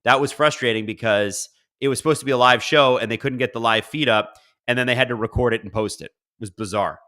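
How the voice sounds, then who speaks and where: Bright-voiced man chatting on a live stream. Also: medium pitch, quick pace. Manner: chatty, reads viewer comments aloud and riffs on them. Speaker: livestream host. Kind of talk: casual live-stream chat.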